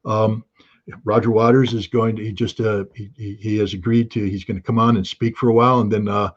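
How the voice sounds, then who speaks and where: A man from the United States in his sixties, appearing as a talk-show guest commentator via video call, speaks with urgency and emphasis about politics, stressing his points and repeating key phrases. The delivery is flat and fairly quick in a lowish voice, and the recording is muffled.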